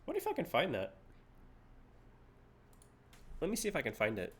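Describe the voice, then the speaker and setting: High, lively playful male streamer. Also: normal speed, husky. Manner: playful, laughing, swears casually. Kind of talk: live game-stream chatter.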